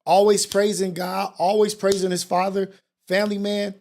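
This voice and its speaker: Preachy high-voiced man host. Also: little pitch movement, moderate pace, gravelly, a little mellow. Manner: preachy, repeats questions, street slang. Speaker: talk show host. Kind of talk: impassioned monologue.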